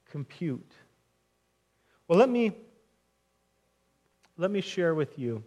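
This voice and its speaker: A young male pastor delivers a sermon in an earnest, chatty way. His voice sits a little high for a man, and he often restarts phrases as he speaks straight to his listeners. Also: darkish tone. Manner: earnest, conversational preaching with frequent restarts and direct address to friends.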